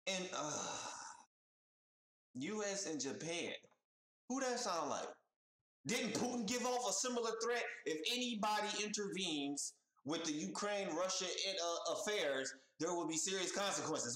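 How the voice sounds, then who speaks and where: Animated slang-heavy man in echoey room. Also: sits high. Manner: animated, profane, street slang, repeats himself. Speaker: reaction video host. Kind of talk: casual reaction commentary. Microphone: headphones on, desk mic.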